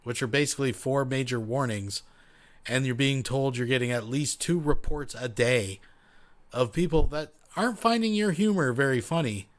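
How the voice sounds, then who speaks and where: A man's voice: medium pitch, moderate pace. A man hosting a commentary show, reacting to a clip bluntly and profanely and talking to his viewers as folks.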